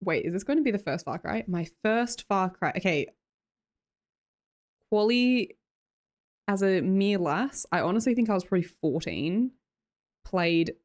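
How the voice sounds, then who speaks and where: A woman's voice: on the low side, expressive, measured pace, pauses often. Australian woman, live-stream host, sing-song up-and-down delivery, chatty and giggly, desk mic at home. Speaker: livestreamer. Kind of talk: casual chat with live viewers.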